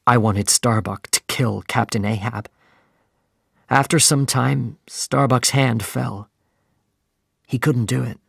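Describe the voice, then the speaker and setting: A man narrating a simplified storybook in a slow, clear reading manner. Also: medium pitch, a bit bright, no echo, studio quality. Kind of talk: graded reader audiobook narration.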